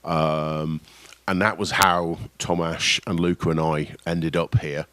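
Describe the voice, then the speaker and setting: A man's voice: very deep voice, level tone, slow pace, a bit bright, dry recording. A man, a cloud team delegate, talking casually and apologetically at a conference discussion, with restarts. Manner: self-deprecating, apologetic, rambling with restarts. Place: conference room session.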